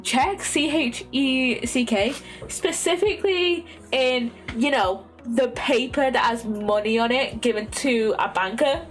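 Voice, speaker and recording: A young woman streams a word-guessing game, swearing constantly and thinking out loud as she tests guesses, with faint lo-fi music behind her. Her voice sits high and she speaks at a measured pace.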